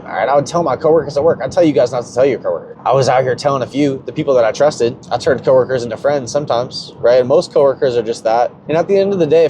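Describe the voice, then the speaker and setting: A young man ranting unscripted about crypto as a YouTuber, rambling, profane and confessional, with vehicle noise behind him. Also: mid-range voice. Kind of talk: unscripted rant.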